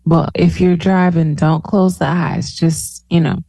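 A woman radio host with a low, gravelly and mellow voice, talking casually into a dry studio mic. She chats easily, throws in little jokes, and slows down when she guides her listeners. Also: level tone, no room sound. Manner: chatty, joking asides, slows down to guide listeners.

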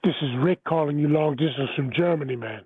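A man calls in to a radio show over a tinny, dry phone line. His voice is husky and a bit high, and he speaks hesitantly. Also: a little fast, no echo. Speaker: caller.

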